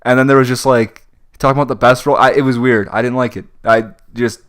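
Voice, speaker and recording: A man's voice: medium pitch, fairly even intonation, fast, fairly bright tone. A young man co-hosting a podcast, chatting casually and venting his frustrations, full of fillers like "like" and "um". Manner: frustrated ranting with frequent fillers. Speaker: podcast co-host. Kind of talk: casual wrestling chat.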